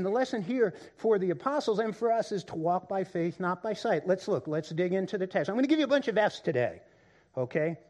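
In this sermon, a man of the cloth moves from bursts of loud fervor to hushed, low stress, driving his points home by repeating words.

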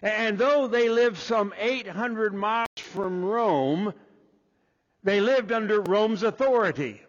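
A man preaching a sermon as pastor, deliberate and restarting his first words. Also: sits high. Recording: dull lo-fi echoey hall.

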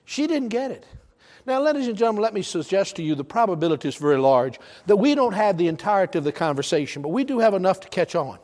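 A man's voice: sits high, big pitch swings, fast, darkish tone. A man with a Southern US accent preaching a sermon, emphatic, counting off his points and asking the congregation questions. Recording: long reverb of a large hall.

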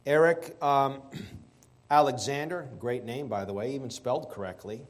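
A man preaching a sermon, stressing key words slowly and asking rhetorical questions. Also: mid-range voice.

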